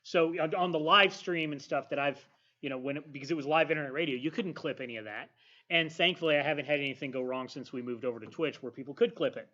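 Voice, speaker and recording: A man's voice: a little high, quick pace. A man who runs a podcast, telling a detailed story on a panel. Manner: steady, detailed anecdote telling. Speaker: podcaster and streamer. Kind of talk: casual panel chat. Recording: dull lo-fi audio.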